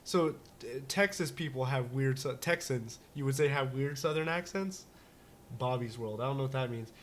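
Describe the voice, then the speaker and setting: A man's voice: medium pitch, normal speed, slight background noise. A man co-hosting a casual talk show, rambling and joking with many restarts and fillers. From United States. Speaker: podcast co-host. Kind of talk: casual chat.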